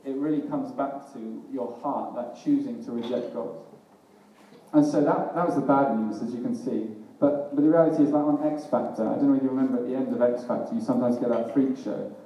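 A man's voice: mid-range voice, fairly even intonation, brisk, highs cut off, slight background noise. A man preaching a sermon in a casual, self-deprecating way, often laughing at himself. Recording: echoey hall, mic at a distance.

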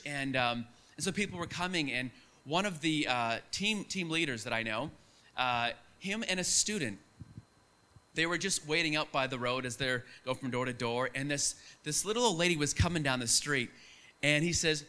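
A young man preaching a sermon, telling stories in an animated, conversational way. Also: fairly high pitch, moderate pace.

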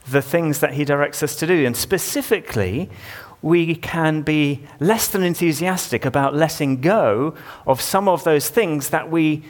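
A male pastor preaching a sermon in a church, talking conversationally and putting questions to the congregation. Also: a little high.

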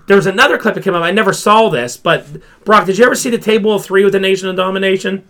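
A man's voice: sits high, rapid-fire. A man co-hosting a casual wrestling podcast, telling stories and acting out what others said. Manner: animated storyteller, acts out quotes. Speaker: podcast co-host.

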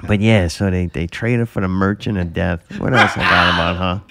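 A man's voice: low-pitched, fairly even intonation, moderate pace, vocal fry, very noisy. Profane man telling stories. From Louisiana. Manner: profane, laughing, storytelling. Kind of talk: casual chat.

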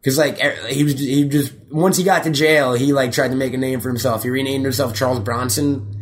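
A man's voice: medium pitch, steady tone, fairly quick, a little hiss or hum. A man hosting a casual podcast, rambling and swearing freely as he teases his co-host. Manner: rambling, profane, teasing. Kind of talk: casual chat.

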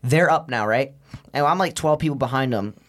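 A man's voice: medium pitch, brisk, fairly bright tone. A young man, a podcast guest, telling a story in casual chat, swearing a lot and acting out the other people's voices.

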